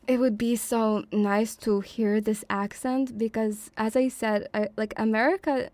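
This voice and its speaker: A young woman streamer of mixed Lithuanian and Russian background, rambling casually with frequent giggles and sudden excited put-on voices. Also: on the high side, no room sound. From half Lithuanian, Russian father, raised in many countries. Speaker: VTuber streamer. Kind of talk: casual livestream chat.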